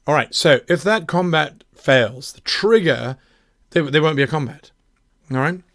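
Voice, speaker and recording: A man running a workshop as a game master, critiquing adventure submissions in a quick, wry, self-mocking way. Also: on the high side, fairly bright tone.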